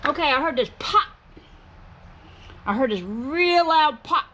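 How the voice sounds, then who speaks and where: A woman's voice: high voice, lively intonation, measured pace, pushed and bright, dull audio, slight background noise. A woman chatting and rambling to viewers as she works in an outdoor workshop. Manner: chatty and rambling, talks to viewers and shoos a bee. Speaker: woodturning vlogger. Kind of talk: casual chat while working in a workshop.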